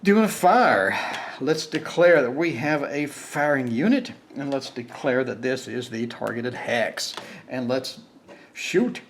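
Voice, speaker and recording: A man's voice: mid-range voice, expressive, slow pace, slight background noise. A man playing a board game alone on camera, reading cards aloud, counting and grumbling about bad luck. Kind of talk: solo playthrough commentary.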